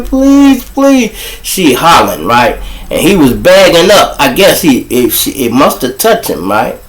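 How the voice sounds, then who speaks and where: A man's voice: mid-range voice, poor audio. A man with a Chicago accent hosting a live show, telling blunt, profane stories straight to his viewers. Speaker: livestream show host. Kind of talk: casual live monologue.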